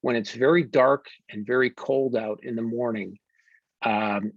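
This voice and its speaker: A man's voice: medium pitch, no echo. Earnest American man, dull dry audio. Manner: warm, deliberate storytelling with frequent fillers. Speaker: wellness coach and podcast guest. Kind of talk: earnest conversational interview.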